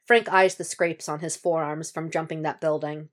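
A woman narrates a fan-fiction story in a steady, measured way. Her voice sits low for a woman, calm and even through the descriptive passages. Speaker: podfic reader. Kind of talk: audiobook reading of fan fiction.

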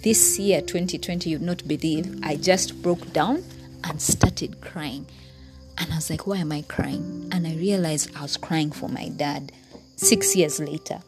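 A woman hosts a podcast in a rather low voice, talking earnestly and from the heart. She speaks straight to her listeners in a reflective personal monologue, with faint music playing under her words. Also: measured pace. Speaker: podcast host.

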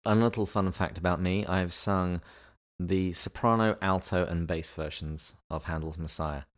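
Podcast co-host, male, very low voice, measured and explanatory; a teacherly podcast discussion. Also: fairly even intonation. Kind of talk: podcast discussion of literature and theology.

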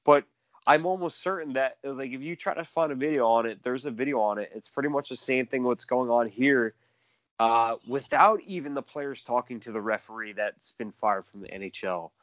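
Excitable man in casual sports chat. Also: medium pitch, normal speed, no room sound, muffled recording. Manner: excited, repeats himself, mimics players. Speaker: podcast co-host.

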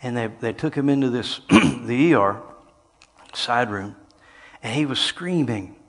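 An older man preaching a sermon, telling stories and swinging between quiet passages and loud, shouted lines. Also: mid-range voice, lively intonation, a little slow. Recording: long hall reverb.

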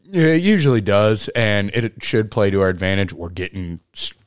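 A man's voice: lowish voice, normal speed, clear, resonant tone, dry recording, clean studio sound. A man co-hosting a podcast in casual chat, blunt and joking, laughing often and trailing off with fillers. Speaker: podcast co-host.

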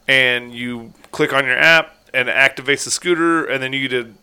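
A man co-hosting a casual podcast, excitable and swearing freely. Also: medium pitch, normal speed, clean tone. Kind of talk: casual chat.

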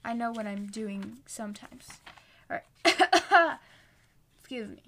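A young woman in her late teens, chatting earnestly and casually about faith and reading scripture, with lots of "like" fillers and quick self-corrections. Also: a little high, lively intonation, fairly bright tone. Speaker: faith encouragement vlogger.

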